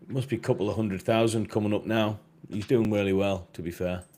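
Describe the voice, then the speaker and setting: A man's voice: fairly low pitch, steady tone, brisk, darkish tone. A man with a British accent hosting a live podcast stream, talking in a hesitant, easygoing way full of fillers. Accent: British English. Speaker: podcast host reading chat. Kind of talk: casual live-stream chat.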